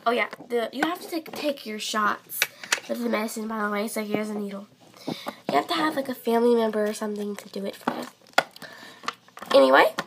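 A woman's voice: a little high, fairly quick, heavy background noise, natural voice. A girl playing an offhand pet vet. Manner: offhand, matter-of-fact. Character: breezy female vet treating a pet.

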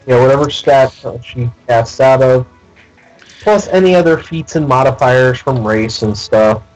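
A man playing a tabletop game, chatting casually and quick to correct the others on the rules. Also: mid-range voice, a little mellow, dull audio, faint music behind. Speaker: player.

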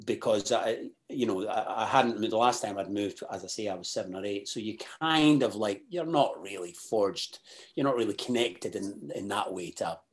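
A Scottish man talking as a podcast guest, halting and full of restarts, then bursting into animated, sweary asides. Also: on the low side. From Scotland. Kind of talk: casual interview chat.

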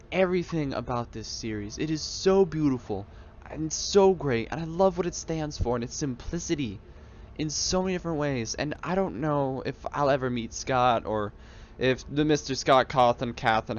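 A man's voice: mid-range voice, expressive, normal speed, muffled recording. A young man talking casually about games he loves, rambling and enthusiastic, often restarting his sentences. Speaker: YouTube gamer. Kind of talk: casual reflective monologue. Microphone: headset.

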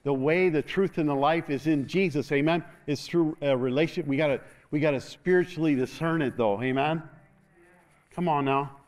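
A man's voice: fairly high pitch, moderate pace, a little mellow. An older man preaching a sermon as pastor, folksy and joking, leading the congregation in call-and-response.

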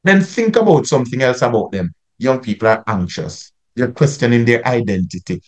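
A man's voice: lively intonation, moderate pace. A Jamaican man, a pastor, giving a teaching talk to youth workers and driving his points home with rhetorical questions. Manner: rhetorical questions, climbs in pitch when stressing points.

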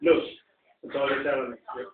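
A man's voice: medium pitch, fairly even intonation, a little fast. A man with a London accent doing a rambling stand-up set, chatting with the crowd in a small pub venue. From England. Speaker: stand-up comedian. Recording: distant, tinny, echoey room recording.

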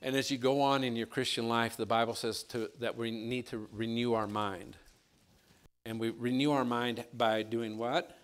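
A male pastor preaching a sermon, telling a story with lively, animated delivery that climbs higher and louder as it builds. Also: normal speed, clear, resonant tone. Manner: animated storyteller, rising and louder when excited.

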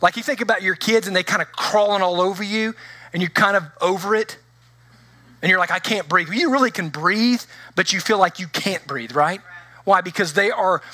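A middle-aged man preaching a sermon as pastor, telling stories in an animated way and acting out the voices of the people in them. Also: high-pitched, moderate pace, dry recording. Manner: animated storytelling with acted-out voices.

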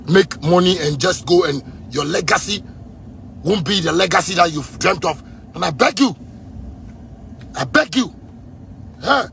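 A man in his thirties from Ghana with a Ghanaian Pidgin English accent, delivering an angry, repetitive rant with frequent shouting. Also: on the high side, creaky, a little hiss or hum. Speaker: musician ranting on video.

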